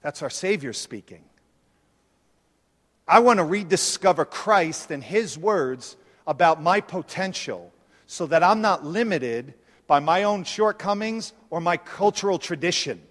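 A man delivering a sermon in a high, ringing voice, pressing each point with repeated phrases. His words carry a long reverb, as if spoken in a large hall. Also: expressive, measured pace, a bit bright. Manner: emphatic, insistent preaching with repeated phrases. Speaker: preacher.

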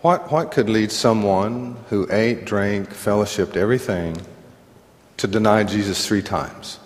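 Middle-aged male pastor, slow and earnest, conversational sermon with self-deprecating laughs, church hall reverb. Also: lowish voice. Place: church sanctuary.

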